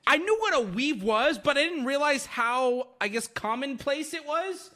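A man streaming live, chatting casually with his audience in a rambling, excitable way and swearing a lot. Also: very high voice, moderate pace.

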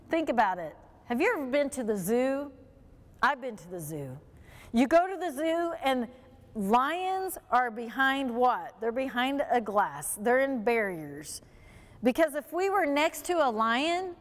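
A woman's voice: high-pitched, big-room sound. A woman pastor preaching a sermon, retelling a Bible story in an emphatic storytelling way and speaking directly to her listeners.

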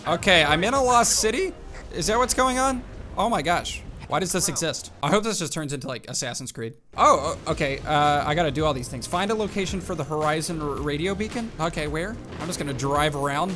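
A man's voice: on the high side, expressive, brisk, sharp tone. A man hosting a gaming channel, giving casual, jokey gameplay commentary and often saying "dude". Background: game music.

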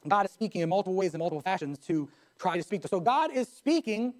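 A man's voice: high-pitched, sing-song, fast talker. A pastor preaching a live sermon in his church, who often asks the congregation questions and tells stories to make his points.

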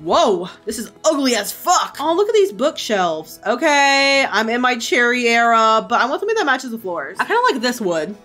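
A young woman streamer giving casual gameplay commentary, excitable, gasping and swearing freely. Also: fairly high pitch, normal speed, few pauses, soft background music.

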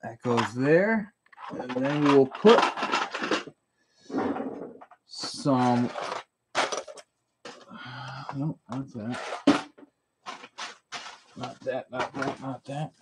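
Male streamer, laid-back rambling talk, mid-pitch, noisy home audio. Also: very slow, long pauses. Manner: rambling, answers chat messages as he works. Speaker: livestream host. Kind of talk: casual live-stream chat while building.

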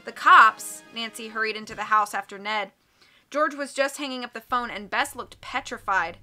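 A woman narrating an audiobook in a clear, expressive reading voice. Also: a little high, moderate pace, faint music behind. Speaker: audiobook reader.

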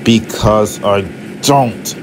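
A man's voice: medium pitch, lively intonation, measured pace, music in the background, close to an everyday voice. A man voicing a sullen, resentful male train engine who grunts and grumbles. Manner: gruff, grumbling.

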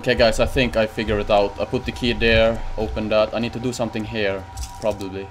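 A man playing a horror game on his channel, panicking, swearing and talking to himself, jumping into high yelps when scared. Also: little pitch movement, brisk, a little hiss or hum. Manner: jumps to high-pitched yelps when startled. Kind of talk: let's-play commentary.

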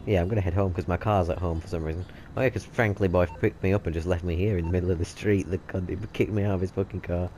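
Gamer bloke swearing nonstop, laughing at his own jokes, kinda low voice. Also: steady tone, fast, few pauses, darkish tone, slight background noise. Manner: sweary, joking, laughs often. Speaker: gaming channel host. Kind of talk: gameplay commentary.

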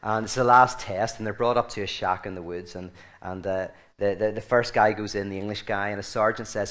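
A man's voice: fairly low pitch, fairly quick, a bit bright. Irish man, guest speaker, casual and digressive, restarts a lot, humor-laced storytelling. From Ireland. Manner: rambling, self-correcting, joking. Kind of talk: informal talk to a group.

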